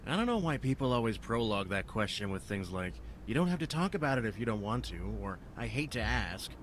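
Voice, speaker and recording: An actor voicing a blunt, matter-of-fact former firefighter in a video game. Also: male voice, on the low side, very animated, brisk, slight background noise. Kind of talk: game voice acting.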